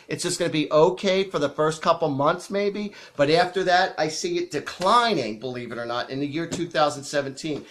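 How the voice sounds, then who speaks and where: A man hosting a live psychic show, chatty and animated as he tells stories and acts out quotes, a bit sniffly from allergies. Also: a little high, fairly quick, few pauses, a little hiss or hum. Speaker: psychic medium host. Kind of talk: casual live-stream storytelling.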